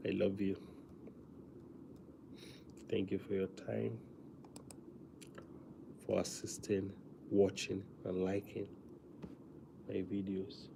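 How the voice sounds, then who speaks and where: A man chatting casually to viewers on a live stream, talking softly with many fillers because he is feeling weak. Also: low-pitched, little pitch movement, vocal fry, background noise. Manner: soft, drawn-out talk with many fillers.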